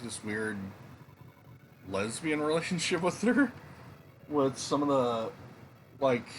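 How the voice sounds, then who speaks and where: A man's voice: mid-range voice, a little hiss or hum. Rambling, profane male gamer. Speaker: let's play gamer. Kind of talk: casual gameplay commentary.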